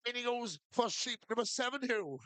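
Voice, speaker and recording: A man's voice: very high voice, a little fast, dry recording. Man calling shearing blow by blow. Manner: steady blow-by-blow calling of each shearing move. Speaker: shearing competition commentator. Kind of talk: live sports commentary over a PA.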